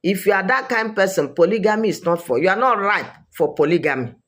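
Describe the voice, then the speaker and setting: A woman's voice: medium pitch, expressive, fast, a bit bright. A woman with a Nigerian accent giving opinionated social commentary, emphatic and repeating her points for weight.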